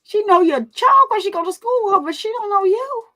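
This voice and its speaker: A woman hosting her own channel, speaking casually to her viewers in an animated way, repeating phrases and laughing often. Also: extremely high pitch, brisk, soft background music. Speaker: commentary channel host.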